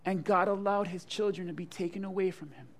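A pastor preaching a sermon at a church service, swinging from hushed, tender passages to loud, passionate appeals and calling out to the congregation. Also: mid-range voice, steady tone, a little fast. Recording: live sermon with guitar playing underneath. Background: soft guitar music.

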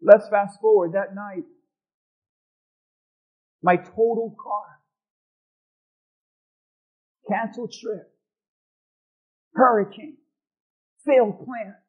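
A man's voice: sits high, fairly even intonation, very slow, long pauses, slightly rough, narrow, tinny audio. A man preaching as a pastor, telling a personal story and calling for responses from the congregation. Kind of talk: sermon.

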